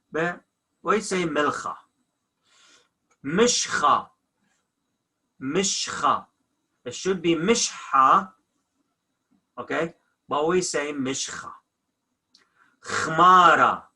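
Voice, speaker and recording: A man's voice: on the high side, bright, forceful tone. A man teaching a language lesson, repeating each example word and often correcting himself.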